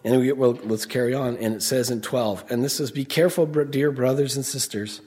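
A man's voice: medium pitch, normal speed, darkish tone. A middle-aged man preaching a sermon, emphatic, often asking the congregation questions and answering them. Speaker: pastor.

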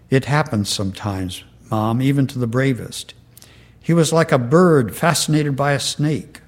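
Slow, earnest older male storyteller. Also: medium pitch. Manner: slow, earnest, measured delivery. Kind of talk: reading a letter aloud, then personal anecdote.

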